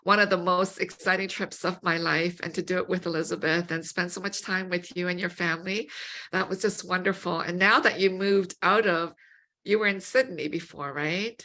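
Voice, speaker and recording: A woman hosting an interview podcast, enthusiastic and quick to laugh. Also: lowish voice, steady tone, pushed and bright. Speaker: podcast host. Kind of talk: conversational interview.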